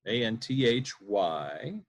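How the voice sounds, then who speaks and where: A man's voice: mid-range voice, big pitch swings, takes it slowly, slight background noise. A man hosting a casual interview, joking and self-deprecating as he leads the talk. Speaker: podcast host.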